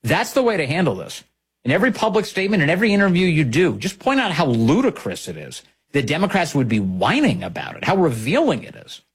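A man hosts a political talk show with a husky, slightly high voice. His pitch leaps and dips constantly as he mocks and scoffs, and he delivers his opinions in a loud, rapid-fire style. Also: wildly swooping pitch. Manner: sarcastic, mocking, swings pitch widely for emphasis.

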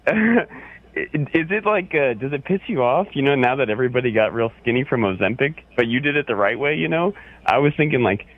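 A man's voice: medium pitch, lively intonation, fairly quick. A man from Orange County calling in to a radio show, needling the host in teasing banter. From Orange County, California. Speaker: caller. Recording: tinny phone line.

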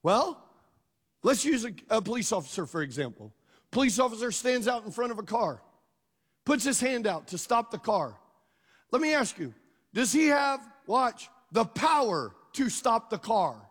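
A man preaching a sermon with an unusually high voice for a man, his words trailing off in a long hall reverb. He mixes scripture with jokes and stories and keeps calling on the congregation to answer back. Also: sing-song, moderate pace, fairly bright tone, breathy edge. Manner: call-and-response with the congregation, asking them to answer aloud; conversational, jokes and stories mixed with scripture reading. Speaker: pastor.

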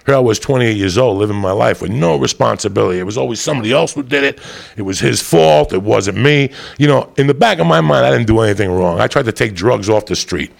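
A man's voice: medium pitch, expressive, fast talker. A man doing stand-up, telling a story in a rowdy, boisterous, profane way. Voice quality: gravelly. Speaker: stand-up comedian.

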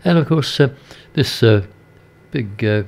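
An older Australian man presenting a community radio show, telling an anecdote in casual radio chat, rambling and hesitant with many pauses. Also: mid-range voice, animated, creaky, darkish tone. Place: radio studio.

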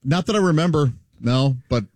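A man's voice: on the high side, lively intonation, moderate pace, darkish tone, no echo. A man co-hosting morning radio, candidly talking about his own past habits in a casual, self-deprecating way. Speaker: radio show co-host.

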